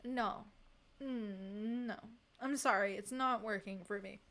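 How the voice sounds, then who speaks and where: A woman streamer chatting casually on a livestream and reading from the chat, emphatic and expressive, laughing often. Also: medium pitch, slow pace.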